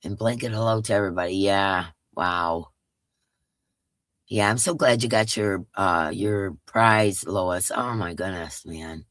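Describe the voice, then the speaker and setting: A woman's voice: a bass voice, a little slow, fairly bright tone, no echo. A woman with a stuffy, congested nose hosts a live stream, chatting and greeting her viewers one by one. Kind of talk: casual chat with viewers.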